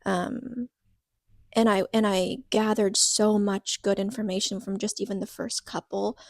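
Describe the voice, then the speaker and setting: Unhurried and mid-range, with little pitch movement and some vocal fry, a woman co-host shares a personal story on a casual podcast. The dry studio-quality recording captures her earnest, vulnerable rambling, thick with "like" fillers and restarts.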